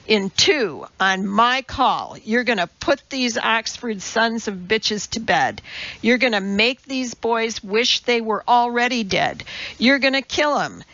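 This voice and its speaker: A woman's voice: medium pitch, a bit bright, dry recording, lo-fi sound, natural voice. A woman voicing a short, fierce male rowing coxswain who snarls and barks commands in a storybook reading.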